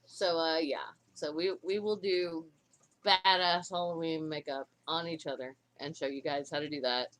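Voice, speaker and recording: Lowish woman on a livestream, halting and emotional, lots of restarts. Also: steady tone, a bit bright. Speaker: livestream co-host. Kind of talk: casual livestream chat.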